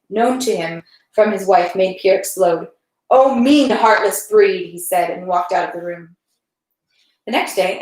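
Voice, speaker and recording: A woman's voice: mid-range voice, roomy sound, poor audio. A woman reading a long novel aloud, changing her tone for the dialogue and sometimes stumbling and restarting. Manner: reads dialogue with shifting tones, occasional slips and restarts. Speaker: reader.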